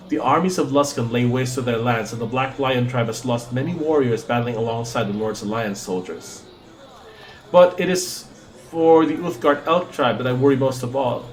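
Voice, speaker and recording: A man reading a gentle, wise old male druid from a game, calm and solemn. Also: mid-range voice, lightly acted. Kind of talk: reading game dialogue aloud.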